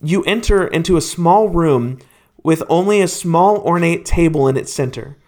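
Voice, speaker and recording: Slow-narrating game master, a man. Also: a little high, darkish tone.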